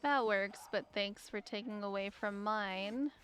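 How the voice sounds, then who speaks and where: A woman's voice: medium pitch, measured pace, a bit bright, slight background noise. A woman streamer chatting playfully with friends while gaming. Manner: chatty, playful, mock-defensive. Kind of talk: casual gaming chat with friends.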